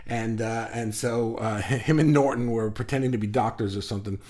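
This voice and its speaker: A man's voice: mid-range voice, fairly quick, a little mellow. A man hosting a live stream, reading viewers' comments aloud and riffing on them in a rambling, self-mocking way. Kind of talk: casual live-stream chat.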